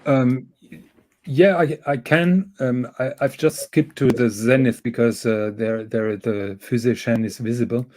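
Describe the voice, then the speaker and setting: A man's voice: mid-range voice, fairly even intonation, measured pace, noisy background. A man explaining things carefully and patiently on a livestream, with some fillers. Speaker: guest on a watch livestream. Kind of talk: casual livestream chat.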